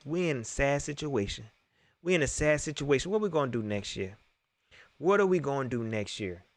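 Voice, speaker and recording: A man hosting a casual sports talk stream, animated and joking, repeating his lines for effect. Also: mid-range voice, moderate pace.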